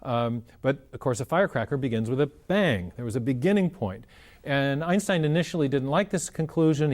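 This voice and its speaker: A man of ordinary, middle pitch speaks as an interview guest. He explains in a conversational yet earnest manner, building each point carefully on the last. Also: a little mellow.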